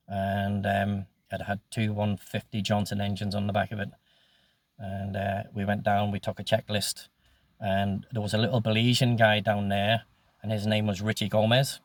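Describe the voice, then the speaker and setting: A man's voice: fairly low pitch, no room sound. A man in his sixties telling his life story in a casual, rambling way, swearing freely with many ums. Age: 60s.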